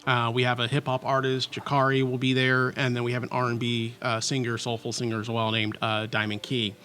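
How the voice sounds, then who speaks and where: A man's voice: medium pitch, monotone, brisk, bright, forceful tone. A man answering as a guest in a casual interview, laying out event details with frequent ums and uhs. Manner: informative, with many ums and uhs. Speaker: guest, festival organizer.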